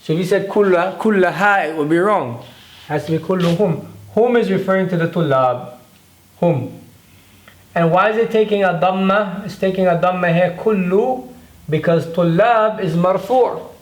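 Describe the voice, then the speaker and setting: A man's voice: high-pitched, moderate pace. A man teaching a grammar lesson in a patient way, often repeating words and checking in with "okay?". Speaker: Arabic teacher. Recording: echoey room.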